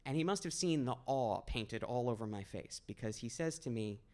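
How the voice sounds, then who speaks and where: A young man from Maine tells a true story on a small stage, in an easy, conversational way with a wry, self-deprecating edge. His voice sits at an ordinary middle pitch. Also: expressive, moderate pace, a little mellow. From Maine, USA. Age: 20s. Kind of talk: live personal storytelling.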